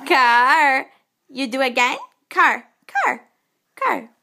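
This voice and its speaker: A mother slowly coaxing her toddler through words, stretching each one out in a sing-song way. Her voice sits high and sounds bright and crisp. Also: lively intonation, a little hiss or hum. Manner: slow and clear, drawn-out words with frequent high-pitched praise. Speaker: mother teaching her toddler sign language.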